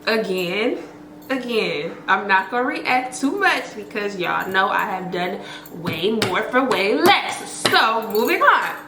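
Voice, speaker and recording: Speaking slowly at medium pitch, a woman vlogger shares a story with her viewers, expressive and heavy on slang, swearing, fillers, and acted-out quotes. The recording is reverberant and low in quality.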